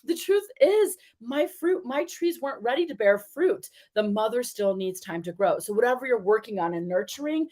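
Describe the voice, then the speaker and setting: A woman giving a spiritual card reading to her viewers, chatty and encouraging, often calling them "you guys" and getting animated when she tells a story. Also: moderate pace, few pauses. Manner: animated, pitch jumps when retelling stories. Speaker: tarot reader.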